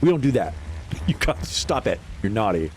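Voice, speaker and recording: At normal speed, a lowish-voiced young man from New Hampshire livestreams his gaming with slight noise in the background. He chats casually, laughing a lot and cursing freely through lively stories.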